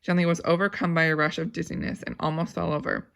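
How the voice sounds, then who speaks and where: A woman reading a novel aloud at a steady pace, with small slips and restarts. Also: deep voice, fast talker, vocal fry, smooth. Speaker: audiobook reader.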